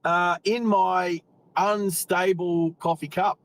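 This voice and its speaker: Australian man, fairly high voice, relaxed rambling live-stream chat, greeting viewers, talking while driving. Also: slow, low-quality recording.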